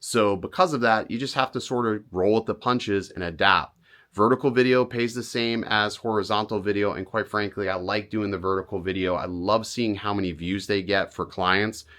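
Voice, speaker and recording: A man's voice: lowish voice, fairly even intonation, normal speed, a bit bright. A man talking casually about his gear, recorded on a small camera's onboard mic, his voice a little worn. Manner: casual, direct, a bit blunt. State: losing his voice. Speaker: vlogger, real estate photographer.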